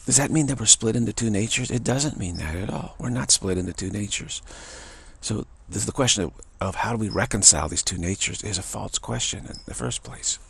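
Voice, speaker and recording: A man speaks in a fairly low, gravelly voice with a husky edge. He is giving a spiritual talk, musing aloud and circling back on his words with frequent restarts. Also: fairly bright tone. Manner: halting, many restarts and fillers, musing. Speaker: spiritual teacher.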